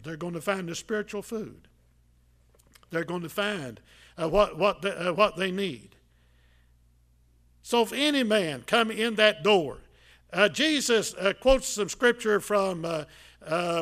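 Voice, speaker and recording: An older pastor delivers a folksy sermon in a high voice for a man. He stumbles through strings of "uh"s, then punches key lines loudly before dropping to quiet asides. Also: animated, unhurried. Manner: folksy, repetitive, many filler "uh"s, swings between loud emphasis and quiet asides.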